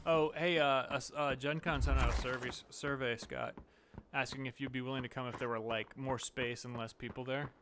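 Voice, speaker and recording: A man's voice: medium pitch, steady tone, brisk, background noise. A man with a Boston accent chatting casually and joking while streaming a video game, often swearing and hamming up his accent. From New England. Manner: joking, slips into an exaggerated Boston voice, swears freely. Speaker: gaming stream co-host. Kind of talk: casual gaming chat.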